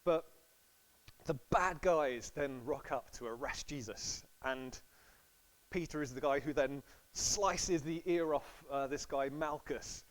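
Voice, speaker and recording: A man's voice: a little high, slow, low-quality recording. A man preaching a sermon in a casual, storytelling way, acting out quotes playfully.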